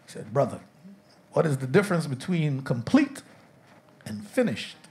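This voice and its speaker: Joking pastor preaching with call-and-response. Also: male voice, on the high side, very animated, moderate pace, darkish tone. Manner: call-and-response with congregation, jokey. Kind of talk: humorous sermon. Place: church sanctuary with congregation.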